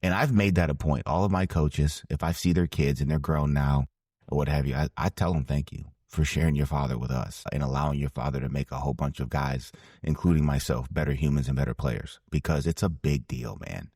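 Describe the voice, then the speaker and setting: This podcast guest, a man in his forties who played ball and later broadcast, answers an interview question with a heartfelt story. His extremely low voice is a little mellow, a little fast and fairly even in intonation. He is earnest and emphatic, frequently repeating phrases, and the studio-quality audio has no echo.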